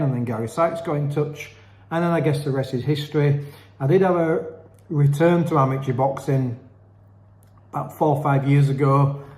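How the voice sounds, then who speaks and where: A middle-aged man, a boxing coach, talking quickly in a rambling, self-deprecating way. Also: medium pitch, darkish tone, roomy sound. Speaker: boxing coach and channel host. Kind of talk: casual solo monologue.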